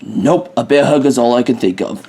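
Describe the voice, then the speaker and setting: A man voicing a friendly male bear with a polite, gentle manner in a homemade toy-animal story. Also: medium pitch, brisk, creaky, husky. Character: friendly male bear who gives hugs.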